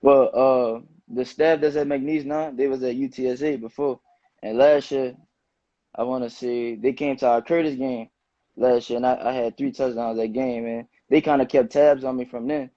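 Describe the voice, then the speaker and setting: A young man in his late teens, a high school football player, answering interview questions in a relaxed, slangy way. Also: normal speed, no echo. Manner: relaxed, loose slangy phrasing with many "you know"s. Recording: dull, muffled dry sound.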